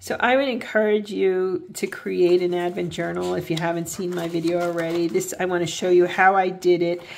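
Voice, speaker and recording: A woman's voice: fairly low pitch, steady tone, moderate pace, gravelly, darkish tone, slight background noise. A woman vlogging about crafts and faith in a casual, earnest way, often restarting and correcting herself as she talks. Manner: heartfelt and earnest when speaking about faith. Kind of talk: casual crafting tutorial chat.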